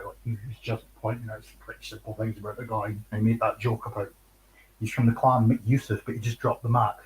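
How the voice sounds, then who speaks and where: A man's voice: medium pitch, a bit bright, rough recording. A young Scottish man hosting a live stream, talking casually in a scornful, sweary way and laughing between points. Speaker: livestream host. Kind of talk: casual chat.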